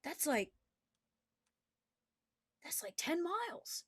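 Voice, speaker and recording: A woman's voice: very high-pitched, sing-song, slow, a bit bright, dry recording, studio quality, voice pushed up, heavily acted. A woman voicing a crude, jumpy young male soldier in a tabletop game. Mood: awed. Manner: panicky, swearing casually.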